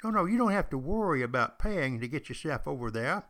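A man's voice: a little high, sing-song, a little fast, a bit bright. A man playing a coaxing ship recruiter. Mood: persuasive. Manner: salesy, coaxing, repetitive. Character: smooth-talking English ship recruiter, male adult.

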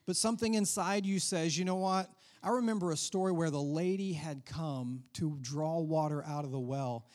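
Conversational pastor preaching. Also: male voice, on the high side, moderate pace, a little mellow. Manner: conversational preaching with asides and laughs. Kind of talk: sermon.

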